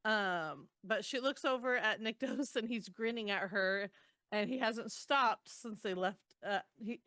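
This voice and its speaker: Woman podcast co-host, casual book chat, chatty and laughing, mid pitch, dry close mic. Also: unhurried, sharp tone, no echo. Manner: chatty recapping with frequent laughs and fillers.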